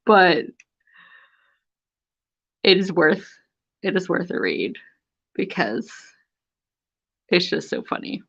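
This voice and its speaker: A woman with a slightly low voice talks slowly and chattily on a live stream, amused by what she shares. The audio is dull and lo-fi, like a basic streaming setup. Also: big pitch swings, creaky, fairly bright tone. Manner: amused and chatty, laughs often, reads with theatrical emphasis. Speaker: antique book seller hosting a live stream. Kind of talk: casual live stream, reading aloud from an old magazine.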